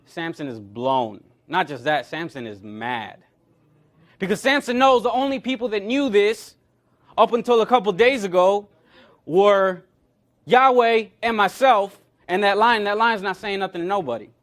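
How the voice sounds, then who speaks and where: A man with a high-pitched voice preaches a sermon. He retells a scripture story with energy and acts out the characters' lines as he goes. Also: moderate pace. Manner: animated, acts out quoted characters. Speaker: pastor.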